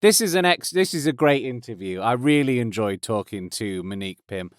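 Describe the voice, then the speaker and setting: Male metal podcast host in his 30s, smooth clear voice, rambly and self-deprecating. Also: medium pitch, lively intonation, brisk, dry recording, studio quality. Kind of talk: casual podcast intro. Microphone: close studio mic.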